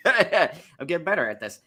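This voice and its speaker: A man hosting a casual chat show, playful and quick to laugh. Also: high-pitched, huge pitch swings, pushed and bright, husky. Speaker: host.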